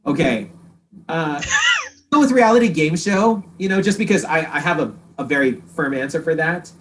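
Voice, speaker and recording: A man's voice: a little high, lively intonation, moderate pace, a bit bright, a little hiss or hum. A man, a musician guest, chatting casually in an interview, laid-back and a little hesitant. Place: live-streamed interview, music set.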